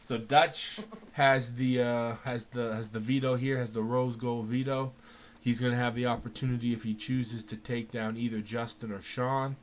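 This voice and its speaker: A man hosting a casual live game show, calling results in an excited, jokey way and laughing often. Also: medium pitch, moderate pace, a little hiss or hum. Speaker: host.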